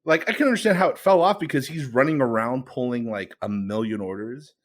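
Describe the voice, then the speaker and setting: A man co-hosting a podcast, telling a story in a casual, animated way and laughing along. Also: mid-range voice, a little fast. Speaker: podcast co-host.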